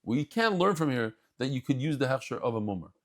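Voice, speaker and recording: A man giving a daily Talmud lesson, telling the stories in an animated way and mixing English with Hebrew and Yiddish terms. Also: medium pitch, brisk. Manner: animated storytelling, acts out scenes. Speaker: Talmud teacher.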